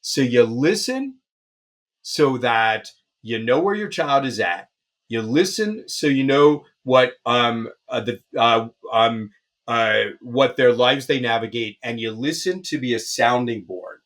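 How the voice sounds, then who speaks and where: A man speaking as a pediatrician guest, giving parenting advice with emphasis. He often pauses on fillers while he looks for words. His voice sits at an ordinary middle pitch for a man. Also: a bit bright.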